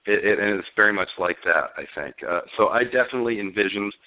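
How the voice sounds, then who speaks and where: A male novelist and screenwriter telling his story in a phone interview, animated but halting, with fillers and restarts. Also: lowish voice, no room sound. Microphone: telephone. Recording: dry tinny phone line.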